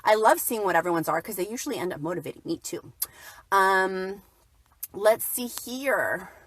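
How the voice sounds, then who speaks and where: A woman's voice: mid-range voice, brisk, fairly bright tone, husky. A woman talking casually and cheerfully on a livestream, chatting about her day and reading out viewer comments. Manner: chatty, upbeat, reads viewer comments aloud. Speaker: keto vlogger.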